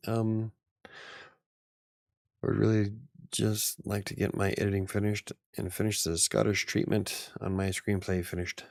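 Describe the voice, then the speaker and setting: A man's voice: lowish voice, flat delivery, a little slow, a little mellow, dry recording, studio quality. A man hosting a casual livestream chat, rambling, joking at his own expense and laughing often. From United States. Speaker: livestream host.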